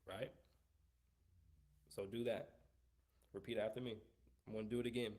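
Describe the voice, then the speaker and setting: A man's voice: on the low side, little pitch movement, normal speed, background noise. A man teaching a live trumpet lesson, talking at length and often repeating and restarting his phrases as he coaches. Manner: long-winded, repeats himself, coaching tone. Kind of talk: live online music lesson.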